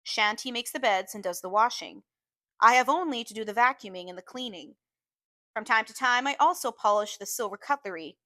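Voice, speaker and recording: Bright-voiced woman reading a novel aloud. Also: on the high side, dry recording. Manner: measured storytelling, slowing to stress key phrases. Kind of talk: audiobook-style reading.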